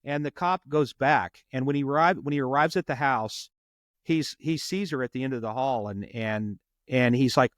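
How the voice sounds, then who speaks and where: A man's voice: medium pitch, moderate pace, no echo. Earnest storytelling man, dry close sound. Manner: earnest, repeats words while retelling a story. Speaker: police officer. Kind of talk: conversational storytelling.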